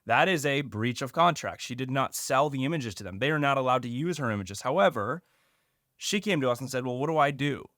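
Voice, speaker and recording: A man's voice: mid-range voice, lively intonation, a little fast, fairly bright tone, dry recording, clean studio sound. A man co-hosting a podcast, laying out tips step by step in an emphatic, casual way. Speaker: podcast co-host. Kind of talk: casual advice chat.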